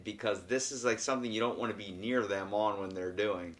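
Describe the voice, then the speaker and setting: Animated young man telling stories. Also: lowish voice, a little fast. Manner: animated storyteller, acts out quoted voices. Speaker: podcast host. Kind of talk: casual chat.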